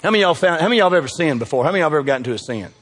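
A man's voice: on the high side, lively intonation, very fast, fairly bright tone, long reverb tail. A Southern man preaching a sermon as pastor, firing call-and-response questions at his congregation.

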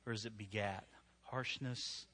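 Bright-voiced joking male pastor. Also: lowish voice, fairly even intonation, a little slow. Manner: joking, conversational, asks the crowd "right?". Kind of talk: humorous sermon. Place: church with a live audience.

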